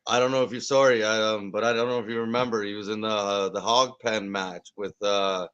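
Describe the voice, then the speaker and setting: A man's voice: on the low side, fairly even intonation, fairly quick, fairly bright tone, clear, resonant tone, dull audio. A man co-hosting a live wrestling watch party, chatting casually and laughing easily, often restarting his sentences. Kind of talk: casual chat.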